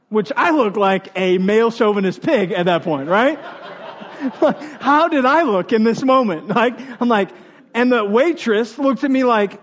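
A man with a high voice preaches unhurriedly as pastor. He keeps the sermon lively and funny, impersonating quoted voices and joining in the congregation's laughter.

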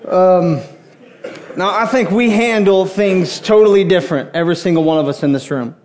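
A man's voice: high-pitched, normal speed, darkish tone. A man preaching a sermon to a congregation, telling funny personal stories in a conversational way. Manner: humorous storytelling, conversational. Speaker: pastor. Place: church before a congregation.

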